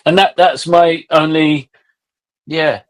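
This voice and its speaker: A man's voice: on the high side, a bit bright. Middle-aged man telling rambling stories. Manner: rambling anecdotal storytelling with many restarts. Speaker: podcast guest, musician. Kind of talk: casual conversation.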